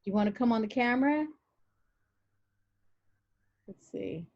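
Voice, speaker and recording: A woman's voice: on the high side, unhurried, no room sound. Woman host, easygoing advice-giver on a stream, dry dull call audio. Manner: relaxed, reassuring, folksy. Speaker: natural hair stylist hosting a live Q&A. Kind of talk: casual live-stream advice chat.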